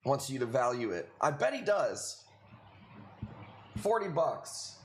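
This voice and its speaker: A man's voice: medium pitch, sing-song, slow pace, a little hiss or hum. A man hosting a live coral sale stream, chatting casually with viewers in a joking, profane way. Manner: joking, profane, talks to chat.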